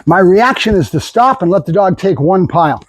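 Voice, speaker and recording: A middle-aged dog trainer talking casually and bluntly to the camera, repeating himself with fillers and restarts. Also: male voice, high-pitched, lively intonation, moderate pace, breathy edge, dry recording, rough recording.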